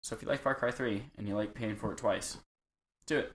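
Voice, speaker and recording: A man's voice: lowish voice, fairly quick, a little hiss or hum. A man hosting a casual gaming podcast, talking loosely and profanely and laughing easily. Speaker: podcast host.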